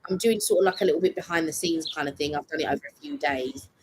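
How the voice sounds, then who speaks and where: A woman's voice: sits low, fast talker, slight background noise, poor audio. A woman co-hosting a live stream from her garden, rambling casually with lots of fillers. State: recovering lost voice. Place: outdoors in a garden. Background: birdsong.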